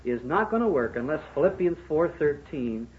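A man delivers a sermon in a high voice that leaps all over its range, by turns punching out lines and dropping to a near hush. He throws rhetorical questions at the room. The recording is dull and lo-fi. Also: lively intonation, normal speed. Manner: emphatic, rhetorical questions, swings between loud and quiet. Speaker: preacher addressing businessmen.

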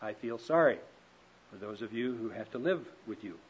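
A middle-aged man giving a relaxed, folksy talk on marriage, telling stories with gentle humor. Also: lowish voice, normal speed, slightly rough. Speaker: speaker on marriage. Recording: dull lo-fi recording.

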